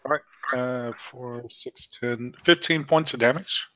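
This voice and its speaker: Bright, hesitant man at a game table. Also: mid-range voice, measured pace, no room sound. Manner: hesitant, stumbling over words. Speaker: player. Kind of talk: casual tabletop game chat.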